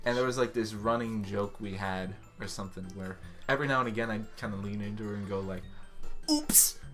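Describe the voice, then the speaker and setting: A man co-hosting a casual podcast, making crude jokes in quick banter. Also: lowish voice, fairly even intonation, a bit bright, soft background music. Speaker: podcast co-host.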